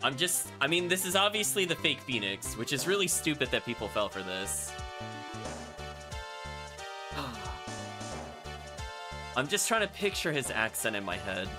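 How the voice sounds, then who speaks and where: A man's voice: mid-range voice, big pitch swings, unhurried, pauses often. A man streamer musing and chatting casually while playing a game, with self-conscious restarts, over game music. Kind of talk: casual let's-play commentary.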